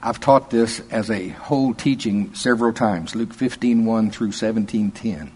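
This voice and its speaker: A man's voice: fairly low pitch, normal speed, darkish tone, slightly rough. A man preaching a sermon in a folksy, emphatic, conversational way, reading scripture aloud and then explaining it.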